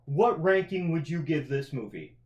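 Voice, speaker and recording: A man's voice: on the high side, expressive, moderate pace, a little mellow, dull audio, slight background noise. Male host for casual review chat; prods and concedes, roomy sound. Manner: prodding, conciliatory questioner. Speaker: podcast host. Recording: echoey room.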